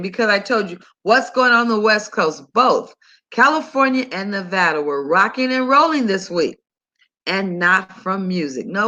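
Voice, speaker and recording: An older woman hosting a health talk, telling a story in a chatty, animated, conversational way. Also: a little high, highs cut off. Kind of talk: casual monologue to listeners.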